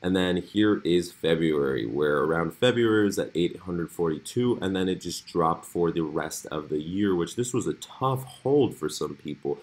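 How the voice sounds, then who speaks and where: A man hosting a cryptocurrency channel, talking casually through price charts with animated, swinging emphasis. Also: moderate pace, hardly any pauses. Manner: animated, lively pitch swings. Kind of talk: casual commentary over charts.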